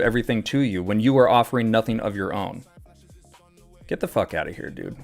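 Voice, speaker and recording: A man's voice: fairly low pitch, expressive, fairly quick, gravelly, darkish tone, soft background music. A man hosting a live trading stream, talking casually and ranting with a lot of swearing and exasperation. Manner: casual, filler-heavy talk. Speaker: trading livestream host. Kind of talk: live-stream market commentary.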